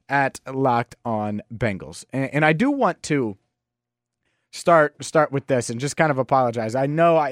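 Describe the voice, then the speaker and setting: A man's voice: mid-range voice, no echo, clean studio sound. Rambling young man hosting a podcast. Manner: rambling, with frequent restarts and fillers. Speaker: podcast host. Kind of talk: casual solo podcast talk.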